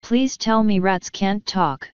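A woman reading an audiobook, voicing a blunt, sharp-tongued young girl who speaks with scorn. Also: medium pitch, slow pace, clear, resonant tone, no room sound, muffled recording, close to an everyday voice. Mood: scornful.

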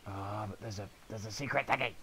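A man's voice: lowish voice, a little fast, sharp tone, a little hiss or hum. A man swearing and joking his way through a video game. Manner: sweary, jokey running commentary. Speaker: gamer. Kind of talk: let's play commentary.

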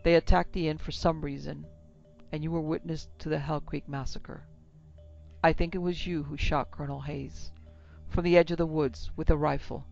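A hard, curt male cavalry officer barks orders in a gravelly, narrow-ranged voice, put on by a storyteller. The sound is slightly muffled, with faint music underneath. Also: deep voice, little pitch movement, normal speed, darkish tone. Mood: cold accusation. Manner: curt, commanding.

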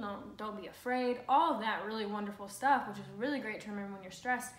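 A woman's voice: mid-range voice, fast. Chatty woman in an echoey room. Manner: chatty, many fillers and restarts. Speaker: co-host. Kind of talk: casual Bible teaching.

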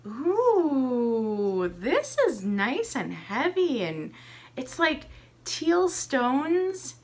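Young woman, high lively voice, gasps and gushes over each find, unhurried. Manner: gushing, gasping, exclaiming delight at each item. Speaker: vlogger unboxing a subscription box. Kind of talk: excited unboxing chat.

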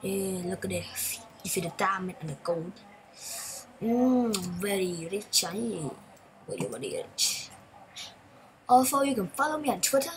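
A woman hosting a gaming channel, giving chatty, excitable gameplay commentary in broken English and repeating phrases. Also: medium pitch, unhurried, pauses often, background noise.

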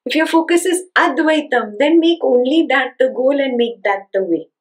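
In a low-quality recording, a woman with a high voice gives a spiritual teaching talk at normal speed. She stresses and repeats her main points. She keeps asking rhetorical questions to make sure listeners are following.

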